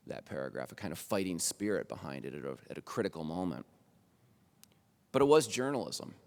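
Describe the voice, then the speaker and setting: A man, a college journalism professor, lecturing at a faculty roundtable in a conversational way and often checking in with the audience. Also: on the low side. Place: college auditorium stage. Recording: long hall reverb.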